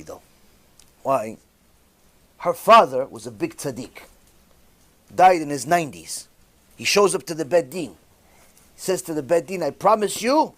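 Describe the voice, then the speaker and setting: A man, a rabbi, telling a religious story in an animated way, with sudden loud bursts. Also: a little high.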